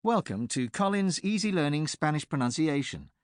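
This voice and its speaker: A man presenting a pronunciation course in a clear, measured teacher's delivery, recorded close on a studio mic. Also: fairly high pitch, very animated, no room sound. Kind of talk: scripted instructional narration.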